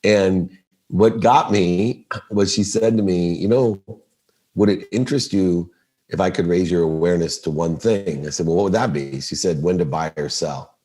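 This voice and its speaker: A middle-aged man with a low, deep voice tells a story on a podcast. He is animated and acts out each person's lines as he goes. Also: moderate pace. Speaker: podcast guest. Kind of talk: storytelling in a casual interview.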